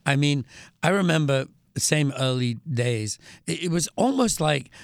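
An older English man, a musician and author, telling wry anecdotes as a guest in an interview, pausing and restarting as he goes. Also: fairly high pitch, expressive, gravelly, dry recording, studio quality. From England. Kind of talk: conversational storytelling interview.

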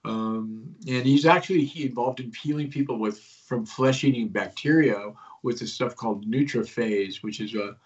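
A man's voice: medium pitch, moderate pace, hardly any pauses, dull audio. A man telling stories as a guest in a casual interview, rambling and conspiratorial, with many fillers. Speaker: guest, host of his own show.

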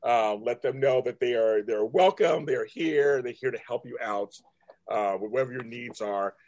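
A man in his fifties from California, hosting a casual chat and talking in a rambling, halting way with many restarts. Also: medium pitch, a little mellow, dull audio. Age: 50s. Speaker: host.

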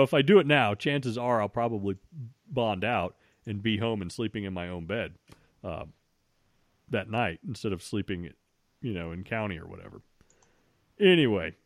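A man's voice: mid-range voice, no room sound. Brief: man, profane storyteller, lots of restarts, dry close mic. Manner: swears freely, frequent restarts, animated retelling.

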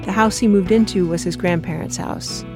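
A woman host narrating a scripted documentary story in a measured, even way. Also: mid-range voice. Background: guitar music.

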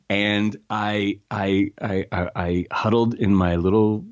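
A middle-aged man with a lowish voice tells stories in an animated, fast-moving way, restarting his sentences as he goes. The audio is dull and a little lo-fi. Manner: animated, quick anecdotes with restarts. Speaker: actor guest. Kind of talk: casual interview storytelling.

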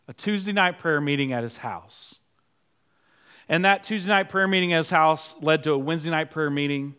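A man preaching a sermon, earnest and storytelling, moving between ringing emphasis and hushed, low asides. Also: smooth, in a large hall. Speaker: pastor.

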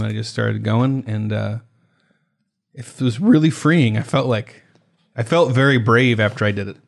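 A man co-hosting a comedy news podcast, reading headlines with playful asides in casual chat. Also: mid-range voice. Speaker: podcast co-host.

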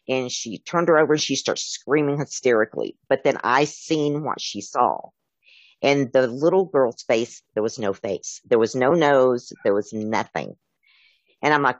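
A man's voice: mid-range voice, moderate pace, no room sound. Man, interview guest, earnest storytelling, acts out callers, dry sound, muffled tone. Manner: earnest, recounts calls with quoted dialogue. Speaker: interview guest, former emergency dispatcher.

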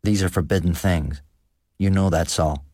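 A man's voice: low-pitched, steady tone, normal speed, darkish tone, no echo, studio quality. A man voicing a nervous, thin-voiced village deacon who asks careful, probing questions, read as an audiobook character.

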